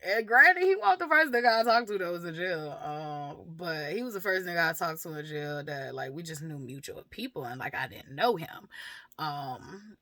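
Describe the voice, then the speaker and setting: A woman's voice: low-pitched, expressive, normal speed, pushed and bright, no echo, clean studio sound. A woman vlogger and mother talking frankly about her life and parenting, laughing often and swearing freely, with many fillers. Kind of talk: candid personal talk to camera.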